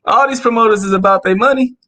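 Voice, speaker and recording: A man's voice: sits high, fast talker, bright, forceful tone. A man chatting casually about boxing as co-host, slangy and laid-back with lots of fillers.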